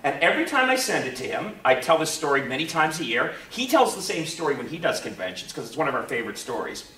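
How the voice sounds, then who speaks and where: A man's voice: a little high, quick pace, a little hiss or hum. A man hosting a convention panel, telling an anecdote to a live audience and acting out the people in it. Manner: lively storyteller, acts out the people in his story. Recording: echoey room, voice from far off.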